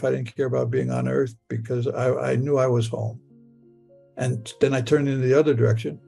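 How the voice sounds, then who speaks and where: An older man recounts a personal experience in the present tense. He stammers and repeats words. His voice is gravelly and husky, and faint music plays softly underneath. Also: mid-range voice. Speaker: near-death experience storyteller.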